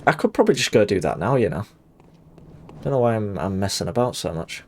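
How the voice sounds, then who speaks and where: A man's voice: fairly low pitch, big pitch swings, fast, darkish tone, slight background noise. A man casually commenting on a game while greeting chat and laughing often. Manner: chatty, laughs easily, reads chat. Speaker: game streamer.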